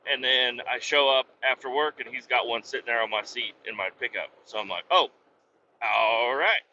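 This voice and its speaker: A man's voice: mid-range voice, little pitch movement, fairly quick, bright, forceful tone. A man telling a long work story in a casual monologue. He talks bluntly, swears freely and often restarts his sentences. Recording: dull lo-fi sound with faint vehicle hum.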